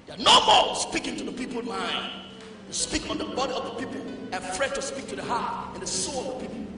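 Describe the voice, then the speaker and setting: A man with a Liberian English accent preaching a sermon as pastor, dropping to low talk and rising to shouted exhortation. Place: large church hall. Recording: echoey hall, distant mic, music behind.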